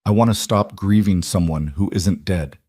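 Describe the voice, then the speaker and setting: Man doing an intense possessive mafia boss, commanding, low dry voice. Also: moderate pace, mellow, dry recording.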